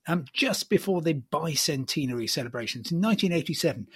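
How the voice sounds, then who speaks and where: Husky-voiced podcast host. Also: male voice, a little high, lively intonation, a little fast. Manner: genial and informative, with some fillers. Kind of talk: casual chat.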